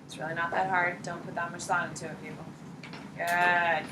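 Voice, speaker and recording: A woman teaching a high school history class, quizzing students by name in a blunt, casual way. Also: level tone, normal speed. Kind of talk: classroom lecture and questioning. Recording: echoey classroom, distant mic, light noise.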